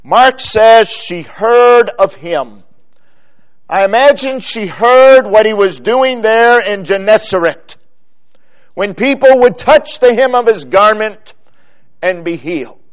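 A man preaching a sermon, slow and deliberate, stressing single words and letting his phrase ends fall low. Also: animated. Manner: quotes scripture in old-fashioned phrasing. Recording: dull lo-fi recording.

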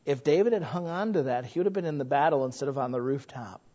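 A man's voice: mid-range voice, fast, mellow. A man preaching a sermon in an earnest, conversational way, often asking rhetorical questions. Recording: dull lo-fi recording.

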